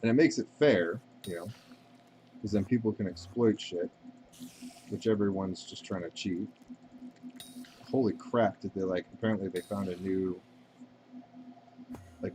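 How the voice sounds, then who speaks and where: A man's voice: deep voice, steady tone, moderate pace, long pauses, background noise. A man chatting casually and rambling while playing a game on a live stream, swearing freely and answering viewer questions.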